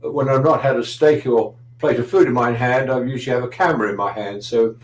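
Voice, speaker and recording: In a casual interview, the London-born guest photographer, a middle-aged man with a British London accent, shares dryly funny anecdotes, hesitating often. He speaks a little fast at medium pitch with a steady tone, and the audio is poor and reverberant.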